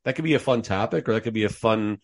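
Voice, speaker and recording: A man's voice: lowish voice, fast. A man co-hosting a sports podcast, rambling through what-if ideas with lots of fillers. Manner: animated, rambling with many fillers and what-ifs. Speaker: podcast co-host. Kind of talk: casual sports chat.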